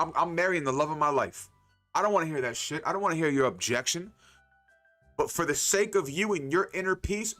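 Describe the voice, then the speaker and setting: Excitable, bright-voiced male streamer. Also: on the high side. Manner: excitable, joking and profane. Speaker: game streamer. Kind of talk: casual live-stream commentary.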